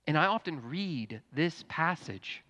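A pastor preaching a sermon, earnest, dropping to a hush and then rising to fervent emphasis. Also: male voice, on the high side, lively intonation, takes it slowly. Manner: earnest, swings from hushed to fervent. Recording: long reverb in a church hall.

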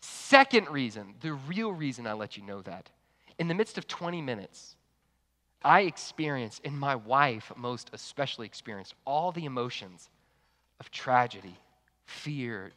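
A man, preaching a sermon and telling a story, animated, with loud excited bursts and quiet hushed asides. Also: mid-range voice. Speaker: pastor. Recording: long hall reverb.

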